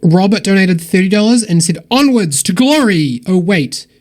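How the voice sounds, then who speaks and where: A man with a slightly high voice hosts a charity stream and reads out donors one after another. His delivery is upbeat and rambling, and he keeps thanking people. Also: animated, normal speed. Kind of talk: casual livestream donation shout-outs.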